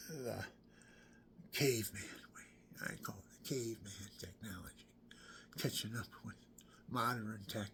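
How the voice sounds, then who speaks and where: A man in his sixties telling a rambling personal story, drifting between whispered asides and loud exclamations. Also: medium pitch, vocal fry, slight background noise. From Pennsylvania, USA. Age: 60s.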